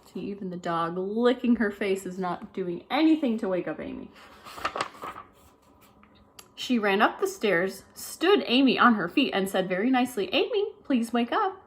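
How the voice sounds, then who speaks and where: A woman reads a silly children's picture book aloud. Her pitch swings widely, climbing high for the characters' lines and dropping low for the narration. She stops now and then to point out what is happening in the pictures. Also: normal speed, slight background noise. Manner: lively, animated read-aloud with asides about the pictures. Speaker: storybook reader.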